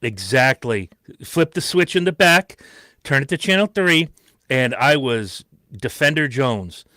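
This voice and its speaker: A man's voice: medium pitch, animated, unhurried, pushed and bright, no echo. A middle-aged man, a podcast co-host, chatting casually and ranting with profanity about growing up. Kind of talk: casual chat.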